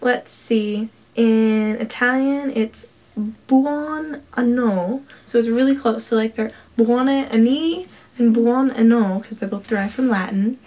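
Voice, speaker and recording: A woman casually quizzing a friend on holiday trivia, playful and quick to laugh. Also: fairly high pitch, darkish tone. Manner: playful, laughs often, tries out foreign words. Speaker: trivia quiz partner. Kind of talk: casual chat.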